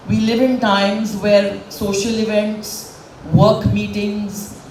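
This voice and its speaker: A woman's voice: mid-range voice, level tone, takes it slowly, darkish tone, slight background noise. A woman in her forties giving a candid, emotional personal speech at a public event. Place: event hall with a stage. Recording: echoey hall, voice from far off.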